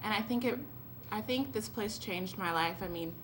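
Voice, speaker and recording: In a noisy event recording, a late-teen girl with a mid-range voice at normal speed gives a rambling, giggly thank-you speech as an honored student at a school event.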